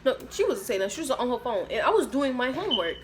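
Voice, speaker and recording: A young adult woman telling a storytime vlog in an animated, slangy way, acting out what other people said. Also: fairly high pitch, quick pace, slight background noise. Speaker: vlogger.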